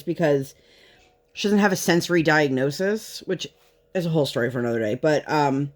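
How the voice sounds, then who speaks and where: Chatty woman rambling through a story. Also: rumbling low. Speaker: vlogger and parent. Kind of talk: casual chat while crafting.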